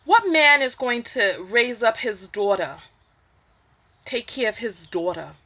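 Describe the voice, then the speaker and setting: A woman with a New York accent, talking candidly to camera in an opinion vlog, emphatic and animated, rising to near-shouts when indignant. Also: a little high, takes it slowly, slightly rough. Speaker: vlogger.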